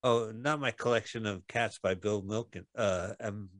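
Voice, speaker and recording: A man's voice: on the low side, steady tone, moderate pace, dry recording, clean studio sound. A man co-hosting a radio show, reacting casually while watching a movie. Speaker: radio co-host. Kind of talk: casual movie commentary chat.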